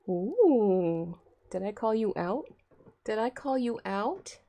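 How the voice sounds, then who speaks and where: Woman streamer, cussing and fussing at her cat, bit of vocal fry, mid-pitched voice. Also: dark tone. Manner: swears freely, scolds her cat. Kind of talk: casual live-stream chat.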